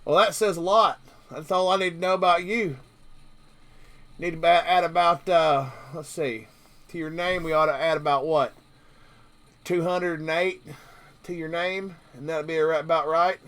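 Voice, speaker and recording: Southern drawl guy on a live stream, kinda high voice, rambly, jokey, lots of uhs and ums. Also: steady tone, normal speed, long pauses, a bit bright. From Kentucky, US South. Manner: rambling, joking, with frequent fillers and chuckles. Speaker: livestream host. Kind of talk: casual live-stream chat.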